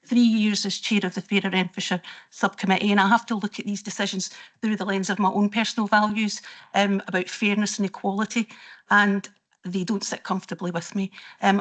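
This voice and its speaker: A Scottish woman on a council board, speaking earnestly at a meeting, halting and restarting, her voice wavering with emotion. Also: medium pitch. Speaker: board member. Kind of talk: formal meeting speech.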